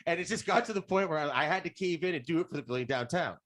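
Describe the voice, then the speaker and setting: A man's voice: a little high, animated, fast talker, a bit bright. A man co-hosting a casual podcast, talking loosely, swearing and laughing. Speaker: podcast co-host.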